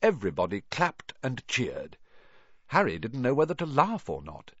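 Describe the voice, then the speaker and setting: A man narrating a storybook in an expressive reading style. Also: medium pitch, moderate pace, husky, dry recording, muffled recording. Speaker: audiobook narrator. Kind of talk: scripted narration.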